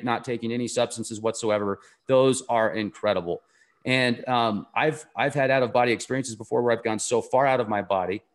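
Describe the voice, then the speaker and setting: Earnest, rambling man telling a story. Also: medium pitch. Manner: earnest, enthusiastic, rambling delivery. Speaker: interview guest. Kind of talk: casual conversational storytelling.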